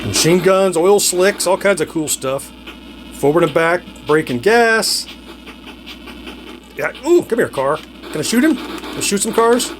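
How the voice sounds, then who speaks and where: A man's voice: high-pitched, animated, measured pace, pauses often, background noise. Chatty middle-aged man playing retro games. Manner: chatty, laughs often, thinks aloud while playing. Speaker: retro gaming video host. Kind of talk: casual gameplay commentary.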